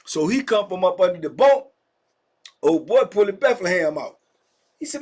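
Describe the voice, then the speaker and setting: A middle-aged man spins a prison story in loose, slangy talk, calling out to his listeners as he goes. His voice sits noticeably high for a man. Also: normal speed, long pauses. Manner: animated, slangy, addresses listeners directly. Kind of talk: casual storytelling.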